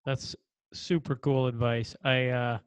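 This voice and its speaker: An easygoing man in his thirties, hosting a podcast with chatty enthusiasm. His voice has a middle pitch and sounds dry and close, with little room around it. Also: flat delivery, slow pace, clear, resonant tone, no echo. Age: 30s. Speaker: podcast host. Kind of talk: casual podcast interview.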